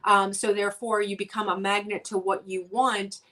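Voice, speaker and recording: A woman's voice: medium pitch, flat delivery, moderate pace, bright, forceful tone, recorded from a distance. A woman guest talking earnestly in a casual conversation, with many ums and restarts. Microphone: video call.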